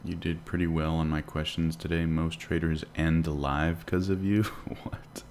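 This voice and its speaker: A man's voice: very deep voice, level tone, a little slow, darkish tone, a little hiss or hum. A man hosting a live day trading stream, chatting casually and answering viewer questions while he watches the charts. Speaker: day trading livestream host.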